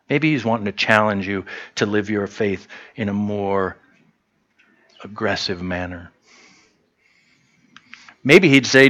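A man's voice: fairly low pitch, unhurried, pauses often, a bit bright, highs cut off. A man preaching a sermon to a small church in a conversational way, often stopping to restart and quoting short lines. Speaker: pastor.

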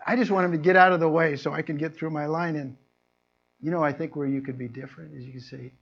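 A man preaching a conversational sermon, telling everyday stories and acting out people's lines in a raised, animated voice. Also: on the high side, fast, creaky. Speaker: pastor. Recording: muffled lo-fi recording.

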